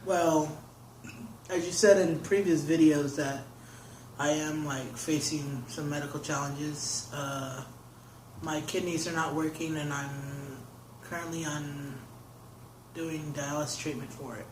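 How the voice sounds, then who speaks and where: A man's voice: on the high side, fairly even intonation, slow pace, noisy background. A young man, an interview guest, telling a long story in casual talk, rambling and filling his sentences with "like". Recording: roomy echo.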